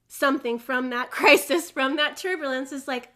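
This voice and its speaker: A young woman with a high, bright voice leads a casual spiritual lesson. She tells stories animatedly, laughs often and slips into little acted voices. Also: normal speed, few pauses. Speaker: host. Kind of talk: casual spiritual teaching monologue.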